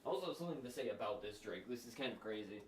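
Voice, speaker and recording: A man's voice: lowish voice, lively intonation, very fast, a little hiss or hum. A man streaming a casual live reaction to a football game, chatting loosely and trailing off into restarts as he goes.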